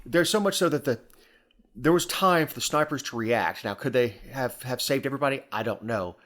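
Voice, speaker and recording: A man's voice: medium pitch, a little fast, fairly bright tone. Wry man co-hosting a news podcast. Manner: dry, wry asides, repeats words when thinking. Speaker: podcast co-host. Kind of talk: casual news chat.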